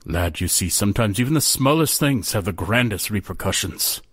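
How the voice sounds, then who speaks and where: A weathered old man, once a blacksmith's apprentice, spins a fable in old-fashioned speech, as a man puts him on. His voice is husky and low with lively rises and falls, heard dry and close. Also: moderate pace, no room sound. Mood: solemn, wistful. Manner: old-fashioned storytelling speech, calls listener lad.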